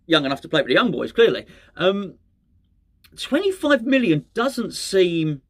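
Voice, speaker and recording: A man hosting a fan channel, chatting casually on his own about transfer rumours, with rambling, self-mocking asides and plenty of restarts. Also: on the high side. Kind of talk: casual solo football chat.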